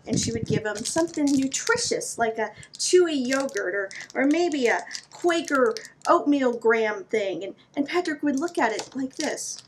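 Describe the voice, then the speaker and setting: A middle-aged woman hosting her own vlog, telling a personal story in an animated, playful way with lively asides to the viewer. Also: high-pitched, normal speed, slight background noise. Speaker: vlog host.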